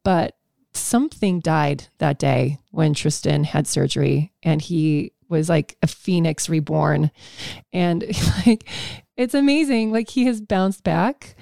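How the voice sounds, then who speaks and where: A woman's voice: low voice, takes it slowly, vocal fry, dark tone, dry recording, studio quality. A woman in her thirties, a podcast host, telling a personal story in a candid, emotional way with frequent laughs.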